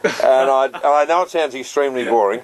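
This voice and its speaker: A man talking casually as a guest in a radio studio. He rambles and fills pauses with ums. His voice sits at an ordinary middle pitch. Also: rough recording. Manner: rambling, chatty, lots of ums. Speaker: interview guest, comedian. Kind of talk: casual radio interview chat.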